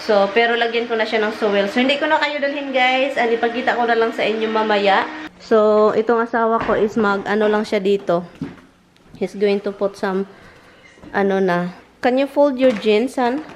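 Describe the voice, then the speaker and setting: A woman with a Filipino accent talks casually through her day in a home vlog, mixing languages in a chatty, easygoing way. Her voice sits a little high, and faint household noise hums behind her. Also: moderate pace. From Philippines. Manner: mixes Tagalog and English, chatty, baby-talks to pets. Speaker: vlogger. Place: home, indoors.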